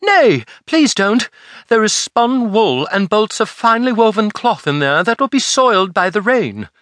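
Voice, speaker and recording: Brief: male narrator plays a frightened young tradeswoman, sweet but sharp, pitched up high in a storybook reading. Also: huge pitch swings, unhurried, breathy edge, no echo, clean studio sound, exaggerated voice. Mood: pleading, sharp. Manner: sweet-voiced, turning shrill when pressed. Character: young merchant woman, frightened yet sharp-tongued.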